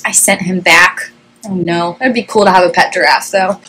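Animated woman reading a children's story. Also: lowish voice, moderate pace, breathy edge, poor audio. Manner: animated, expressive. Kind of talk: children's read-aloud.

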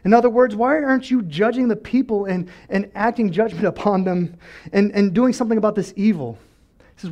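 A man pastor delivering an impassioned sermon, swinging between loud pleading and quiet lows, laughing often. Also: normal speed, muffled recording. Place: church.

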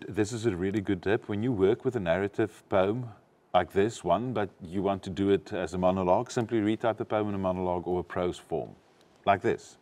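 Deep-voiced acting coach. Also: male voice, darkish tone. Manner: instructive, explains step by step. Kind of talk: teaching an acting lesson.

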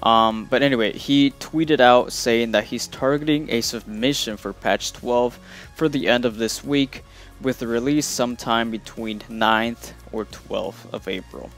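A man's voice: medium pitch, a little slow, fairly bright tone, faint music behind. A young man hosting a casual gaming news vlog, talking loosely with lots of fillers. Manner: loose and rambling, many fillers. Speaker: gaming video host.

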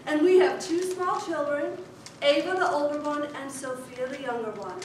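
A woman in her thirties from Chicago, giving a humorous speech to an audience with a wry, deliberate storytelling manner. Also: sits high. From Chicago, USA. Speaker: contest speaker. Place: large echoey hall before an audience. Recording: echoey hall, distant mic, noisy.

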